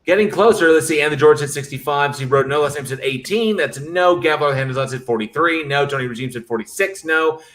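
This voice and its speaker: A man's voice: fairly high pitch, quick pace, hardly any pauses, fairly bright tone. A man hosting a casual horror podcast, talking animatedly and swearing as he retells film scenes. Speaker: podcast host. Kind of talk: casual chat.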